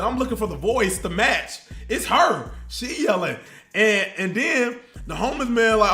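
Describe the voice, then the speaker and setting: A man tells a story on his livestream in a loose, slangy, animated way and keeps looping back with asides. His voice sits a little high, and quiet music runs under him. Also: normal speed. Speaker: streamer telling a story.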